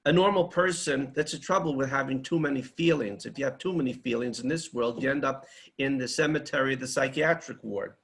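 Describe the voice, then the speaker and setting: A man's voice: mid-range voice, fairly quick, fairly bright tone, low-quality recording. Fiery man giving a seminar talk. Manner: fiery, declamatory, rhetorical. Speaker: seminar speaker.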